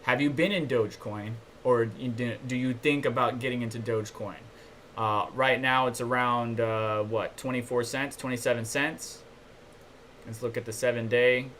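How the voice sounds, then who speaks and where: A man with a mid-range, fairly bright voice keeps a normal speed and fairly even intonation, some slight background noise present. He hosts a loose crypto news livestream, reading out articles, commenting on them and chatting casually with viewers in between.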